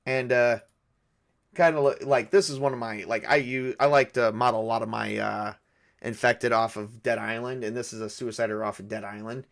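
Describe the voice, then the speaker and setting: A man's voice: medium pitch, steady tone, normal speed, gravelly, a bit bright. A man narrating a solo tabletop game as game master, thinking aloud as he rolls dice. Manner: rambling, thinks aloud while rolling dice.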